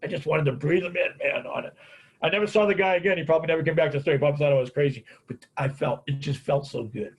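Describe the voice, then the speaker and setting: A middle-aged American man gives a folksy, anecdote-filled talk on caregiving and grief, his voice fairly high, very fast and slightly rough. Telling stories as a caregiving speaker, he keeps tagging his sentences with "man" and "on it."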